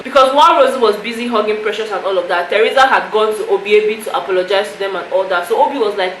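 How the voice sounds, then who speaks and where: A woman's voice: medium pitch, fast talker, few pauses, a bit bright. Chatty woman vlogger in an echoey room. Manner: chatty, emotional, many "you know" fillers. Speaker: reality show recap vlogger. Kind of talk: casual show recap to camera. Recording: echoey room with faint noise.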